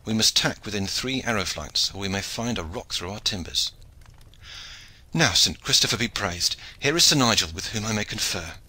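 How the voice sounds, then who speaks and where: A man reading an audiobook, voicing an anxious, gruff male ship's master who bellows orders at sea. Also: on the low side, expressive, normal speed, sharp tone, full character voice, poor audio. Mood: wary.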